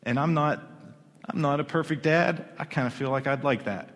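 A man preaching a sermon, telling a Bible story with casual, conversational asides and quick restarts. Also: fairly high pitch. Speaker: pastor. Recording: long hall reverb.

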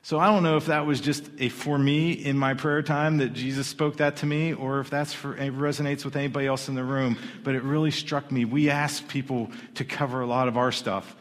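A man's voice: mid-range voice, fairly even intonation, brisk, hardly any pauses. A man preaching a sermon in a church, in a conversational way that often restarts his words. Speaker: pastor. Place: church sanctuary. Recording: long hall reverb.

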